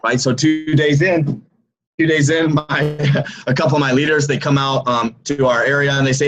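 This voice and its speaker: A man's voice: on the high side, normal speed, faint music behind, poor audio. A business coach on a video call, a man telling a story with lots of energy and tagging his sentences with "right?" and "okay?". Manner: loud and animated, by his own account. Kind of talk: motivational talk on a video call.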